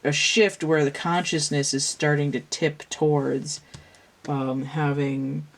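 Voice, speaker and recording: A woman's voice: low-pitched, steady tone, slow. A young adult woman talking casually through a tarot reading, thinking aloud in a meandering way with restarts. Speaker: tarot reader.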